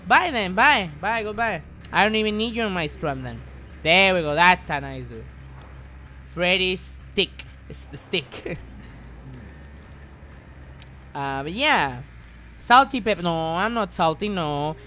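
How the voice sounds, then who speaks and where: A woman streaming a game, reacting loudly and swearing at her teammates, over a noisy background hum. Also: on the low side, slow pace, long pauses. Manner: excitable, swearing, yelling at teammates. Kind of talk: live game commentary.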